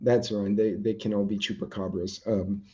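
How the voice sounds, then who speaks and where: A man's voice: fairly low pitch, flat delivery, normal speed, mellow. A man hosting a casual live stream, chatting loosely with viewers and reading their comments, rambling with lots of ums. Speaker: livestream host. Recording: dull lo-fi stream audio.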